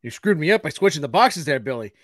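A man in his forties co-hosting a casual podcast, excitable and playful, often laughing as he talks. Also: on the high side, quick pace, dry recording, clean studio sound. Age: 40s. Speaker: podcast co-host.

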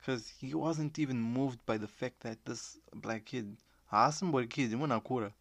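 A man with a Zimbabwean Shona accent talking earnestly in a casual monologue to viewers, switching between languages, with halting restarts. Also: medium pitch, a bit bright, no echo.

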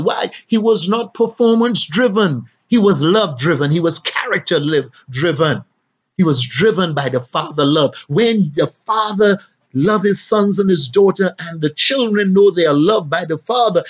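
Preaching man with soaring swells. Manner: preaching with dramatic swells in pitch and volume. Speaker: pastor. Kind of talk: sermon. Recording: dull lo-fi recording.

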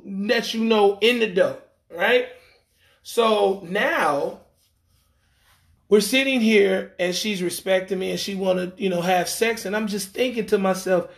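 A man telling a rambling dating story in a casual monologue, slangy and animated, acting out what people said. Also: high voice. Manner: rambling, animated, acts out quoted lines; frequent fillers and restarts, slangy.

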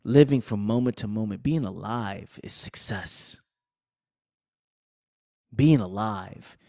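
A man's voice: on the low side, slow, warm tone, no room sound. Passionate guy ranting motivation on his podcast, slangy, repeats himself, dry close sound. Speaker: podcast host. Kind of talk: motivational monologue.

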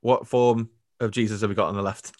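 A man's voice: on the low side, steady tone, brisk, a little mellow, dry recording, studio quality. A man co-hosting a podcast, chatting casually about football, laughing often and trailing off into fillers. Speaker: podcast co-host. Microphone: remote video call.

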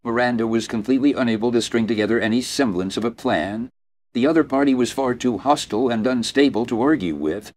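A man narrating a fantasy audiobook in a steady, even storytelling manner. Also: medium pitch, brisk. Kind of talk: scripted narration.

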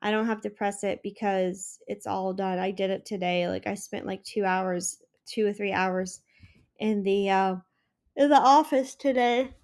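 A woman's voice: medium pitch, level tone, a little slow, a little mellow. A young woman hosting a casual solo podcast, chatting in a rambling way with lots of filler words, tired and yawning. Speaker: podcast host and small business owner.

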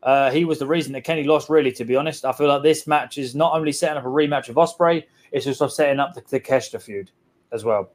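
A young man, co-hosting a casual podcast chat, excitable and sweary, rambling with lots of fillers. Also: mid-range voice, fast. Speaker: podcast co-host.

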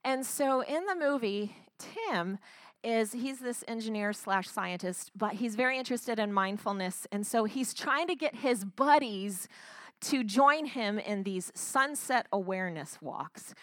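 A woman's voice: fairly high pitch, expressive, unhurried, a bit bright, no echo. A woman giving an earnest devotional talk, retelling a story with frequent restarts. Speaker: Christian speaker.

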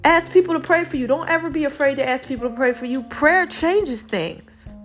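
A woman's voice: high voice, rapid-fire, a bit bright, soft background music. A woman giving an impassioned faith testimony to her viewers, speaking through a tight throat, emphatic and repeating herself for stress. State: tight, constricted throat, a little choked up.

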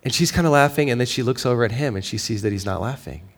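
A male pastor giving a sermon, moving between quiet storytelling and raised, emphatic preaching, with a conversational habit of asking "right?". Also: mid-range voice, animated, fast. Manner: conversational, with fillers and frequent "right?".

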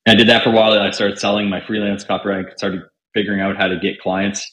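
Young guy, fairly low and bright voice, loose storyteller full of "like", in an echoey room. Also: flat delivery, fast talker. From Canada. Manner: chatty, filler-heavy, acts out quoted dialogue. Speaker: podcast guest, salesman. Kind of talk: casual storytelling. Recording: roomy echo.

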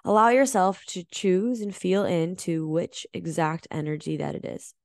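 A woman hosting a motivational energy-healing podcast, speaking earnestly and emphatically, swearing casually and slowing down to stress key words. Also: fairly low pitch, steady tone, gravelly, a little mellow, dry recording, studio quality. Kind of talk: motivational coaching monologue.

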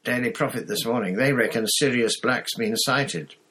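A man reading an audiobook, voicing an excited gossiping schoolboy. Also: mid-range voice, moderate pace, pitched above the performer's own voice, close to an everyday voice.

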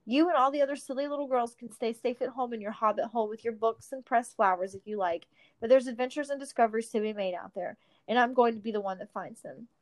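A woman reads out a headstrong young hobbit boy from a storybook. He is impatient and bossy, grumbling and snapping back with a fairly high voice. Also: fast talker, no room sound, lightly acted. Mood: defiant.

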